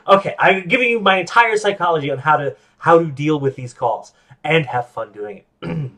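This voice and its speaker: A man hosting his own podcast, talking in a rambling, self-deprecating way, restarting his sentences and acting out voices in quotes. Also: on the high side. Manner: animated, acts out quoted voices. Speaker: podcast host. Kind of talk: casual solo monologue.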